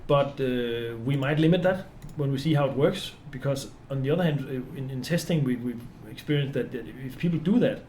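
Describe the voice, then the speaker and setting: A man's voice: medium pitch, a little fast, hardly any pauses, a little mellow, a little hiss or hum. A middle-aged man, a game director, chatting casually on a developer stream, hesitant with many restarts. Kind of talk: casual dev stream chat.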